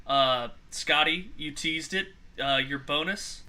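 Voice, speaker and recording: A man hosts a loose sports betting podcast with a very bright, ringing tone. His voice sits a little high, and he keeps things moving by calling on each co-host in turn. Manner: quick, runs the segment order. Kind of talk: casual sports betting chat.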